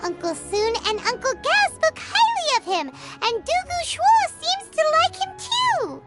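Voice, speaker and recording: A woman voicing a tiny, blunt female companion sprite in video game dialogue, squeaky and sing-song. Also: wildly swooping pitch, loud music behind the voice, full character voice. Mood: puzzled. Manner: blunt, quick to tease.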